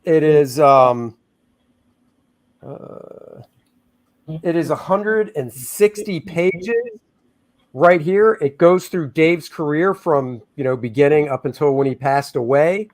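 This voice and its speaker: A man's voice: fairly high pitch, slow. A middle-aged man hosting a casual livestream, joking with his co-host and reading chat comments aloud. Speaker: comic artist hosting a livestream.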